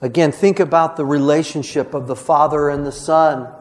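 A man's voice: on the high side, steady tone, normal speed. A man preaching a sermon as pastor, conversational and earnest, often restarting phrases and voicing quoted speech.

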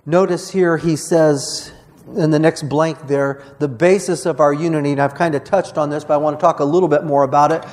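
A man's voice: fairly high pitch, steady tone, brisk, a little mellow. A man preaching a sermon as pastor, conversational and earnest, often restarting phrases and voicing quoted speech.

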